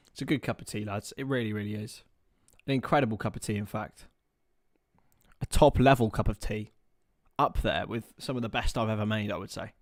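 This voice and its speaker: A man's voice: fairly low pitch, normal speed, pauses often, dry recording, clean studio sound. Chatty young man streaming live. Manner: chatty, rambling, self-mocking, reads chat aloud. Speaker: livestream host. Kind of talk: casual live-stream chat. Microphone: webcam or computer mic.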